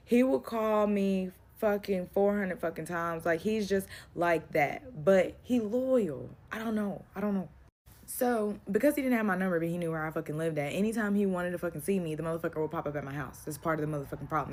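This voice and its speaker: A young adult woman telling a real-life story in a blunt, profane, animated way, acting out the dialogue. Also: fairly low pitch. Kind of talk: casual storytime vent.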